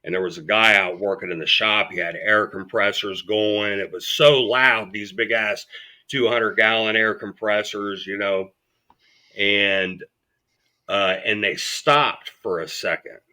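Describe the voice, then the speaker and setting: Casual interview guest: man, swears freely, very bright edge to the voice, acts out the quotes. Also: on the low side, steady tone, measured pace. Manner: blunt and profane, acting out what people said. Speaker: podcast guest. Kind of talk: storytelling in an interview.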